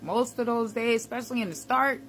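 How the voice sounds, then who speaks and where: A woman's voice: a little high, fairly quick, fairly bright tone, slight background noise. A woman giving a casual motivational talk to camera, conversational and reflective, with slang and frequent laughs. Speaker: self-help vlogger.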